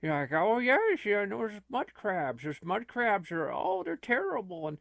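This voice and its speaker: A man's voice: high-pitched, huge pitch swings, a little slow, creaky, fairly bright tone, no echo, studio quality, pitched above the performer's own voice, heavily acted. A man playing a panicky rambling old man. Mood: alarmed. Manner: rambling, stammering. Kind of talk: comic improvised role-play.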